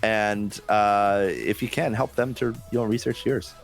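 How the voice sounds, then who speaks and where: Man co-host, low voice, rambling easygoing chat, faint music behind. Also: fairly even intonation, unhurried, vocal fry. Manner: laid-back, rambling, laughs often. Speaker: streamer co-host. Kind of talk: casual chat.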